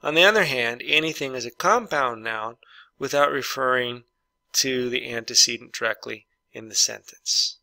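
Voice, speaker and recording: A man's voice: medium pitch, normal speed, vocal fry, pushed and bright, dry recording. A man teaching an English grammar lesson, patiently walking through example sentences and repeating each one.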